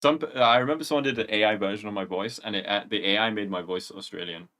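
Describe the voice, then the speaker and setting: A man's voice: on the low side, quick pace, pushed and bright. A young man hosting a casual livestream, rambling through chat questions in gamer slang. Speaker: livestream host.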